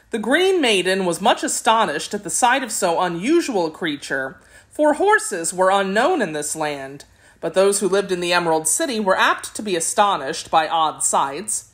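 Expressive woman reading a storybook aloud. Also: mid-range voice. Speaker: audiobook reader. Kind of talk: scripted narration of a children's classic.

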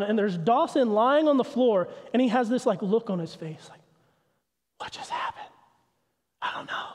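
A pastor in his thirties giving a sermon in a church, telling family stories in an animated way. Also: high voice, long reverb tail. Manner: animated storytelling, acts out his son's confused voice. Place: church sanctuary.

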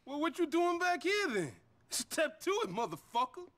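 A brash young gang boss from a crime game, talking down to a rival in street slang. His voice is bright and cutting, and his pitch swings around as he mocks. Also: very animated, moderate pace, heavily acted. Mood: mocking.

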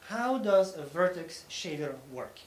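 A man presents at a technical conference, walking through each point step by step and pausing to check that the audience is following. His voice sits somewhat high. The hall around him echoes, with a faint hum of room noise beneath. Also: expressive. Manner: explains step by step, often checking in with "okay?". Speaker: conference speaker.

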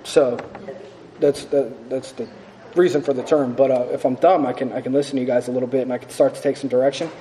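A man's voice: medium pitch, fairly even intonation, quick pace, mellow, a little hiss or hum, rough recording. A man in his thirties giving an earnest, self-mocking personal testimony to a recovery meeting, full of fillers.

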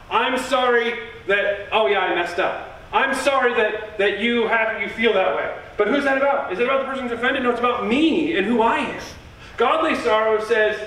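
An earnest male pastor preaches with emphatic, repeated phrases in a fairly high voice. His words ring through a large, echoey church. The mic sits well away from him, with a faint hiss of the room underneath. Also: a bit bright. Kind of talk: sermon. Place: church sanctuary. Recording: echoey church heard from a distance.

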